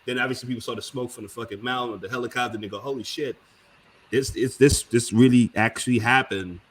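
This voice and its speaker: A man's voice: mid-range voice, steady tone, fast talker, a bit bright, a little hiss or hum. A man in his thirties hosting a casual panel talk, telling an emotional story with lots of swearing. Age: 30s. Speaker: panel show host.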